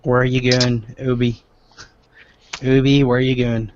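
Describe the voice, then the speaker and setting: A man's voice: mid-range voice, little pitch movement, a little slow, dull audio, background noise, close to an everyday voice. A man voicing a cautious male adventurer in a tabletop game, pleading with a put-on accent.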